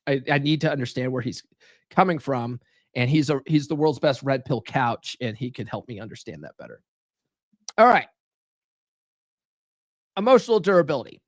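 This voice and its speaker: A man's voice: a little high, dry recording. Dry, casual man hosting a live stream. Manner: casual and profane, peppered with "right?" tag questions.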